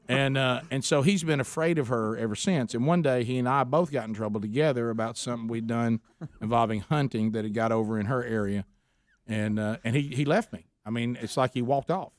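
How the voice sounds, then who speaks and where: A man spins a folksy story on a morning radio show. His pitch sits in the middle of the male range and rises as the story builds. The studio sound is close and dry. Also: brisk, no room sound. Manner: animated storyteller, folksy Southern phrasing, puts on a friend's voice in quotes. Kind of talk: casual storytelling chat.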